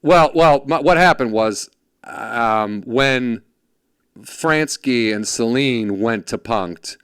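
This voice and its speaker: A man hosting a casual podcast interview, telling animated stories and acting out the voices of people he quotes. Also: mid-range voice, slow pace, clear, resonant tone, dry recording, studio quality. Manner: animated storyteller, acts out quoted voices, laughs often. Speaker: podcast host.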